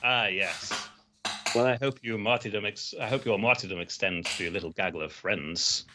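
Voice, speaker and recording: A man's voice: lowish voice, normal speed, background noise, close to an everyday voice. A man reading a suave male villain who threatens his rival in a live script read-through. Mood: threatening.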